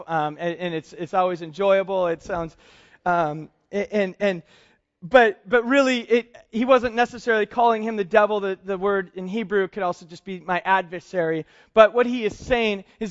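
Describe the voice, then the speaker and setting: A pastor delivers his sermon in a loose, conversational way and laughs lightly between points. His voice sits very high for a man. The recording is muffled and lo-fi. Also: normal speed. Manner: conversational, chuckling often. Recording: dull lo-fi sound.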